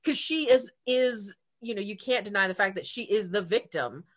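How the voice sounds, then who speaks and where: Bright-voiced woman chatting about books. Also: mid-range voice, moderate pace. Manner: lively, laughs often, acts out characters' lines. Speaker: podcast co-host. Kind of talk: casual book discussion.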